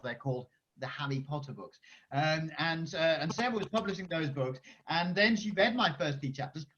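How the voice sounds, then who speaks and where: A male children's author answering schoolchildren's questions on a video call, chatty and energetic with many restarts. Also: fairly high pitch. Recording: dull lo-fi video call audio.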